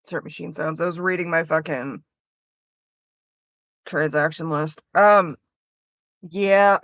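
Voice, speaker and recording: A woman's voice: sits low, fairly even intonation, takes it slowly, a bit bright, no echo, lo-fi sound. A woman chatting casually on a live stream, rambling and swearing through her asides.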